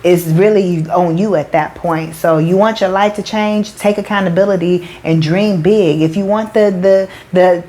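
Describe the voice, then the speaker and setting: A woman who's a motivational speaker and spiritual coach preaches to her followers in emphatic, slangy language, swearing freely, restarting often, and repeatedly calling them "baby." Her voice is lowish and warm, fairly even in intonation, at a moderate pace with hardly any pauses, and the audio is poor.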